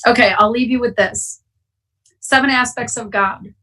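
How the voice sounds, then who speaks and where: Breathy woman sharing her recovery story. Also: fairly high pitch, fairly even intonation, moderate pace, pushed and bright, recorded from a distance, low-quality recording. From Wisconsin. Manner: emotional, candid, choking up at times. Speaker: AA speaker. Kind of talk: personal recovery share. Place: online conference, at home.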